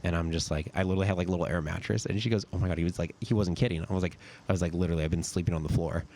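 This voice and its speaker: Young man, very low voice, quick talker, laid-back podcast guest, casual storytelling. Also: steady tone, darkish tone, slight background noise. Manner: laid-back, says "dude" and "like" a lot. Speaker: podcast guest, army sergeant.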